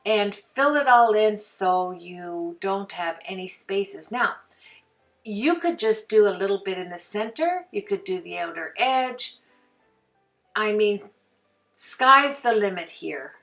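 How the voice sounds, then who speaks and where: Chatty woman crafting, gravelly, off-mic. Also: mid-range voice, expressive, slow, recorded from a distance, faint music behind. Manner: chatty, talks to herself while working. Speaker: crafting video host. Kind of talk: casual craft tutorial.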